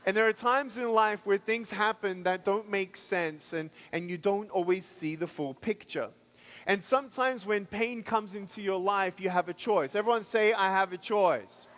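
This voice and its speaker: A man with an Australian accent giving an energetic, playful motivational speech to a live crowd on a stage microphone. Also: high voice, moderate pace. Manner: energetic, playful, addresses the audience directly. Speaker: motivational speaker. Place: large indoor arena.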